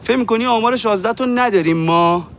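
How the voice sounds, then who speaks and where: An actor playing a furious, sarcastic man who mocks a bride in a rapid-fire rant. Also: high voice, a bit bright, slight background noise. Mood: mocking, angry. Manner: mocking, rapid-fire ranting.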